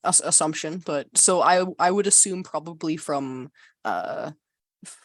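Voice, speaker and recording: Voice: mid-range voice, unhurried, dry recording. An adult tabletop role-playing player who thinks aloud, musing and restarting sentences. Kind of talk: tabletop role-play chat.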